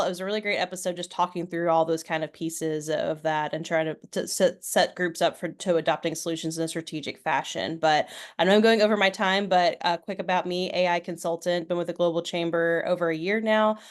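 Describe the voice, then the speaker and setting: A woman who works as an AI consultant talks on a video call. She is confident and businesslike. Her voice sits somewhat low.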